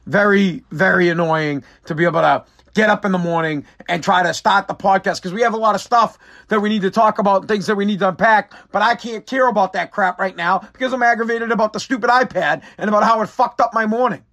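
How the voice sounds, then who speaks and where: In a fast, high, slightly bright voice, a tired podcast host rambles through a casual solo rant. He sounds exasperated and profane throughout.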